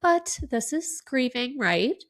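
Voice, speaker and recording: A woman's voice: sits high, sing-song, takes it slowly. A woman in her thirties hosting a casual solo podcast, tearful and sniffling, talking candidly with plenty of swearing and filler words. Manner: candid, swears freely, lots of "like". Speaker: podcast host.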